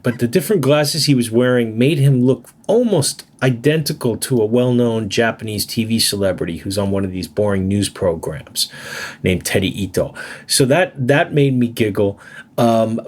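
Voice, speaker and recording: A man co-hosting a podcast, telling animated stories in casual chat and laughing as he goes. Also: mid-range voice. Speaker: podcast co-host.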